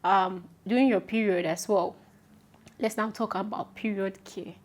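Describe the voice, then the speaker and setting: A woman's voice: mid-range voice, steady tone, a little slow. Chatty Nigerian woman giving advice. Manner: chatty, affectionate, repeats instructions emphatically. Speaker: vlogger. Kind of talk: casual advice talk to camera.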